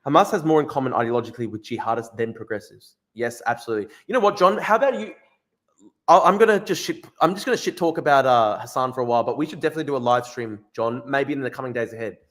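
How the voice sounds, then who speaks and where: A man's voice: mid-range voice, expressive. Blunt, swearing young male streamer. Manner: blunt, swearing, quick asides; repeats phrases, restarts. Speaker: livestream host. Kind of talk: casual livestream commentary reading chat.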